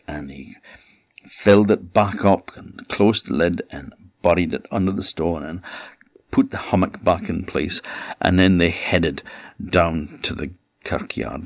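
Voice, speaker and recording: A traditional storyteller from Orkney tells a folk tale in his low, deep voice. He lets the pace and loudness swell and fall with the story. The recording is close and dry. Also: creaky, no echo. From Orkney, Scotland. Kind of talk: oral folk tale telling.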